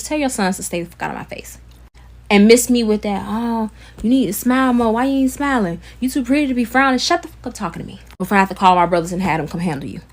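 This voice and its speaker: A woman in a dramatic, exasperated and profane social media rant. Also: medium pitch.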